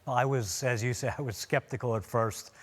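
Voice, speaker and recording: A middle-aged man with a New York accent answers questions as a talk show guest. He speaks in a measured, reflective way, like a self-described skeptic. His pitch sits in the middle range. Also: fairly even intonation. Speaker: guest, the woman's husband.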